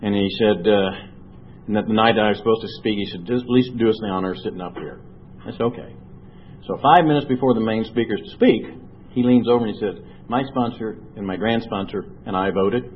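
A low-voiced man sharing his personal recovery story before a crowd in an earnest, storytelling way, slowing to let the hard parts land. The recording is dull and lo-fi, with a faint hiss underneath. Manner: earnest storytelling, slow and heavy at emotional points. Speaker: recovery speaker. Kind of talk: personal testimony talk.

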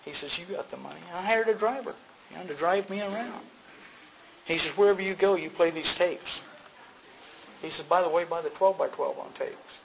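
A middle-aged man tells his story at a recovery meeting in a relaxed, conversational voice pitched a little above the usual. He acts out both sides of the remembered conversations, jumping up in pitch, and laughs at himself. A faint room hum sits underneath. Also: normal speed, creaky. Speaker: speaker sharing at a recovery meeting. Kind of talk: personal testimony to a group.

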